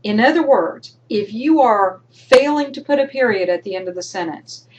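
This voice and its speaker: A woman's voice: on the high side, expressive, normal speed, a little mellow, muffled recording. A woman college instructor giving recorded feedback to her students, emphatic and coaching, sometimes acting out imagined student voices. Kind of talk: recorded lecture to online students.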